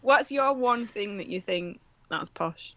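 A woman's voice: mid-range voice, lively intonation, unhurried, fairly bright tone, no echo, dull audio. A woman, chatting casually and jokily as a podcast co-host, swearing now and then. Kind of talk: casual chat.

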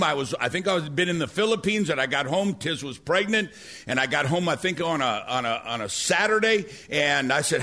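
A middle-aged male pastor preaching a sermon, telling stories with animated energy and rising to near-shouts. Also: a little high.

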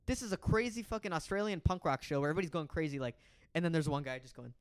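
A man's voice: a little high, lively intonation, very fast, clean tone, no room sound, studio quality. Rambling young guy telling a story. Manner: swears freely, rambling with restarts, acts out quotes. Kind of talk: casual chat.

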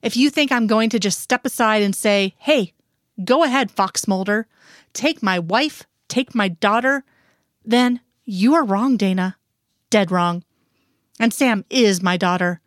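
A woman's voice: medium pitch, unhurried, dry recording, studio quality, natural voice. A woman voicing a stern, hurt husband who speaks coldly and accusingly in an audiobook reading. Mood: bitter. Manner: cold, accusing.

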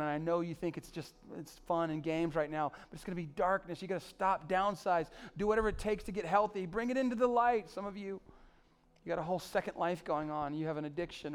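A male pastor preaching a sermon, pleading with the congregation, surging to emphatic peaks and then dropping soft. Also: a little high, clear, resonant tone.

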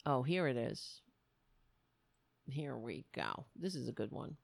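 A woman's voice: a bass voice, very animated, slow, gravelly, no room sound. A middle-aged woman hosting a casual livestream, rambling and self-mocking as she chats to viewers and her cat. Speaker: livestream host.

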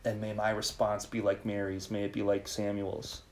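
A man's voice: fairly low pitch, completely flat delivery, moderate pace. Man giving a casual sermon. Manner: informal, leads call-and-response with listeners. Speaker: priest. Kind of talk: conversational sermon to a live group.

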